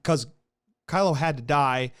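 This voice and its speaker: Profane, animated young man ranting. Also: a little high, measured pace, smooth. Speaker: podcast co-host. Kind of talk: casual chat.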